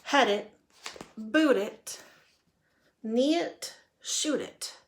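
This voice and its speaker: A woman voicing an eager, goofy young boy frog in a storybook read-aloud, with high, squeaky exclamations. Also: drawn-out words, slight background noise. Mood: singsong.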